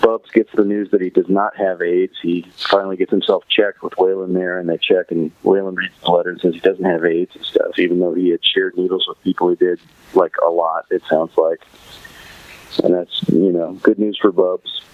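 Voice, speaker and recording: A man's voice: sits low, little pitch movement, moderate pace, phone-quality sound. A man hosting a podcast, casually recapping a TV episode, rambling and thinking aloud with many fillers. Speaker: podcast host.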